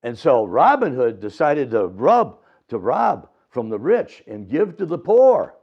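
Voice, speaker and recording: A man giving a dharma talk at a temple, retelling a story with lively acted-out voices. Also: medium pitch, measured pace, gravelly, breathy edge. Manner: animated retelling, acts out voices. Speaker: Buddhist teacher. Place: temple hall. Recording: dull lo-fi recording.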